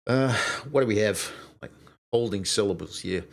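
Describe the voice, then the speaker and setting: Casual male streamer host, lowish voice, meandering chat with fillers. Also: creaky, a bit bright. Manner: rambling, halting, with frequent fillers.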